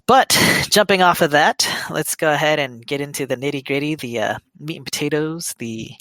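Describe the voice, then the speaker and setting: A man co-hosting a podcast, chatting casually about gaming news, rambling with fillers and quick self-corrections. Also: fairly high pitch, a bit bright, no room sound. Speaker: podcast co-host. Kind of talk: casual chat.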